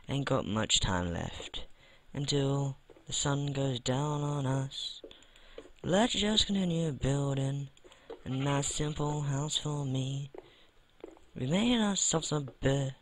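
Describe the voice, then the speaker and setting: A man's voice: medium pitch, expressive, takes it slowly, a little hiss or hum. A man from the UK giving casual, rambling commentary while playing a game, with mild swearing. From United Kingdom. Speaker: let's play gamer.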